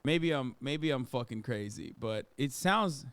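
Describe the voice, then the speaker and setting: A man riffing sarcastically on a live stream, casual and prone to swearing. His voice is smooth and resonant at a middle pitch, recorded dry and close. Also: lively intonation, unhurried, dry recording.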